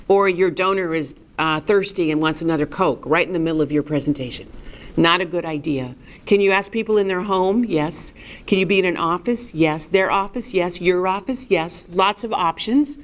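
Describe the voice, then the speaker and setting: A woman's voice: on the low side, moderate pace. Emphatic woman teaching a fundraising workshop. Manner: emphatic, coaching, asks and answers own questions. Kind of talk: recorded workshop lesson.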